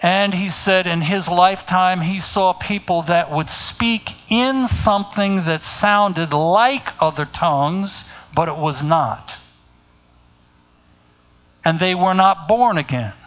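Slow, deliberate preaching man. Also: high-pitched, a bit bright, rough recording. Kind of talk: sermon.

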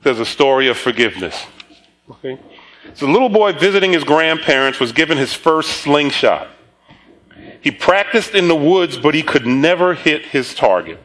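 A man's voice: on the high side, sing-song, moderate pace, a bit bright, poor audio. A middle-aged man preaching a sermon, telling a story and often laughing as he talks, with repeated words and restarts. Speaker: pastor.

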